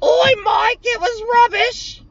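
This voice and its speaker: A man's voice: fairly even intonation, takes it slowly, gravelly, a bit bright, no room sound, far from the mic, lo-fi sound, heavily acted. A man putting on the voice of a chirpy, playful young British woman. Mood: squealing. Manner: squealing, shrill, playful.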